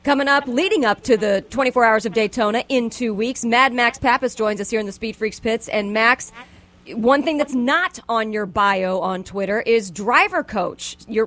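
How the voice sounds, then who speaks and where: A woman's voice: a little high, expressive, moderate pace, a bit bright. A woman co-hosting a radio show, introducing and playfully teasing a guest.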